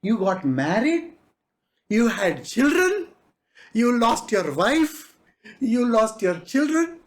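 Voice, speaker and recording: Slow, chuckling spiritual storyteller. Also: mid-range voice, sing-song. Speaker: spiritual master. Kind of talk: devotional discourse with storytelling.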